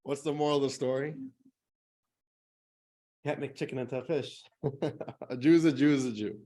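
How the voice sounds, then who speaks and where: The rabbi's medium-pitched voice keeps a moderate pace. In class, he tells a lively joke in a conversational manner, then moves on to explaining a lesson.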